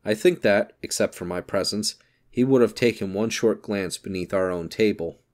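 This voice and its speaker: Low-voiced guy reading a novel aloud, steady and measured. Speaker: audiobook narrator. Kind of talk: scripted narration.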